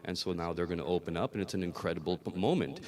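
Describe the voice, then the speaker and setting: Man, sermon, low voice, emphatic storytelling, repeats key words. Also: very fast, a little mellow. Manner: storytelling with acted dialogue, rising to emphatic peaks. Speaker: scholar reciting a majlis.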